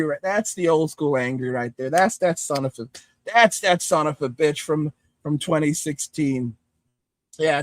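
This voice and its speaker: A man's voice: on the high side, no room sound, clean studio sound. Profane ranting man with a New York accent. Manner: loud, profane and mocking. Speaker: commentary streamer.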